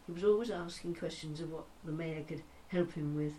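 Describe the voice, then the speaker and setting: An older woman presenting a talking newspaper, chatting to listeners in a fond, gently humorous way. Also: low voice, fairly quick, few pauses, slight background noise. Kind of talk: casual chat to listeners.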